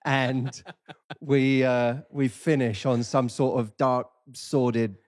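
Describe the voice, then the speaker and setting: A man with a Cockney accent chats as an interview guest, joking at his own expense and laughing along. His voice sits at a middle pitch. The recording is dry and close, with no room sound. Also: flat delivery, slow, darkish tone, no echo. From England. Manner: laughing, self-deprecating, jokey. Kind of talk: casual interview chat. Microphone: studio microphone.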